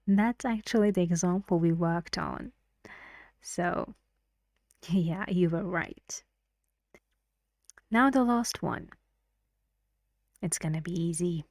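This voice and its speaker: A woman's voice: on the low side, lively intonation, slow, long pauses, darkish tone, no echo, clean studio sound. A woman teaching English pronunciation in an online lesson, patiently drilling stress patterns and often dropping into a whisper. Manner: chants stress patterns in syllables.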